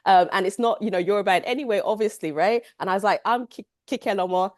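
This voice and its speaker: A woman's voice: medium pitch, fast talker, no echo, studio quality. A woman author talking casually about writing her book, with lots of restarts and "you know". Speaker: author guest. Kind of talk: casual book club conversation.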